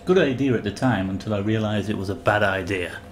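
A man's voice: lowish voice, brisk, slight background noise. A young man commentating his own game live, sarcastic and swearing, yelping when startled. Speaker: gamer playing live.

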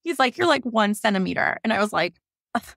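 Woman, 30s, from Virginia, podcast guest; frank, animated storyteller who quotes herself; dry close recording. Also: on the high side, fast talker, gravelly, dry recording. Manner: animated, quotes herself and others, laughs often; frank, swears casually. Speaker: podcast guest telling her birth story. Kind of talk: casual storytelling.

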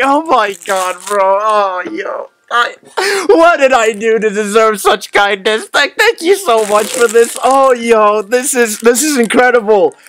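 High-voiced man gushing over an unboxing. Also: fairly bright tone, slight background noise. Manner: gushing, exclamatory, repeats thanks and exclamations. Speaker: unboxing host. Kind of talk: excited unboxing vlog.

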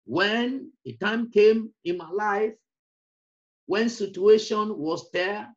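A man's voice: high voice, dull audio. A man preaching an emotional personal testimony, repeating phrases and breaking into song. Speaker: evangelist.

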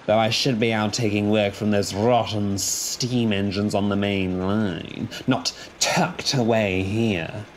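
A man voicing a grumpy, scheming male diesel engine who talks in a low, slow mutter. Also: steady tone, slight background noise. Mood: grudging.

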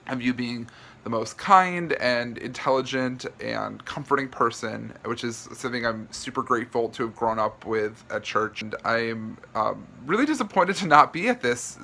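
A man's voice: medium pitch, creaky, pushed and bright, a little hiss or hum. A young man giving an upbeat, grateful video greeting. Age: young adult.

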